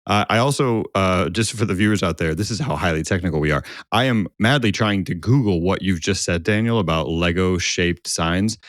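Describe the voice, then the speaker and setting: A man's voice: low-pitched, fairly quick, hardly any pauses, dry recording, clean studio sound. A man from the US co-hosting a podcast, joking loosely and chatting with frequent asides. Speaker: podcast co-host. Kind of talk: casual podcast chat.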